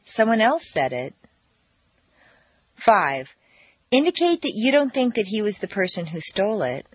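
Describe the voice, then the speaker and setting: A woman narrating a pronunciation lesson on an audio course, speaking clearly and deliberately with exaggerated word stress. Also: mid-range voice, sing-song, lo-fi sound. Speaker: pronunciation teacher. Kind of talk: scripted language-course narration.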